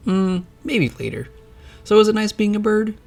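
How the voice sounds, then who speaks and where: A man's voice: high voice, animated, normal speed, a little mellow, pitched above the performer's own voice. A man doing a goofy, bouncy little boy. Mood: playful. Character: cheerful, silly little boy, carefree and playful.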